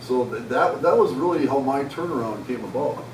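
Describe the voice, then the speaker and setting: Telling a personal anecdote at a conference, a man in his forties is frank, conversational, and self-deprecating. His mid-range voice has lively intonation and a moderate pace; the echoey hall, distant mic, and background noise are all audible.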